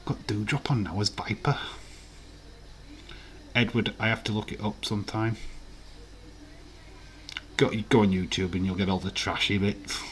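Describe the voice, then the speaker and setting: A man's voice: lowish voice, steady tone, unhurried, long pauses, fairly bright tone, slight background noise. A man hosting a casual quiz live stream, reading out viewers' answers and swearing now and then.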